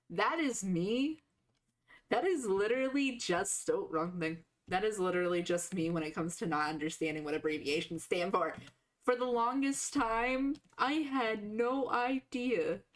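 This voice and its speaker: A woman streaming a game live, chatting casually with a sore throat that lowers her voice, rambling with lots of "like" and restarts. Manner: rambling, full of "like" fillers and restarts.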